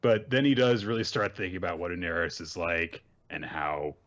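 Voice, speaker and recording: A man's voice: deep voice, animated, moderate pace, a bit bright, lo-fi sound. A man hosting a podcast, giving a chatty, casual manga recap and acting out quotes as he goes. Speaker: podcast host.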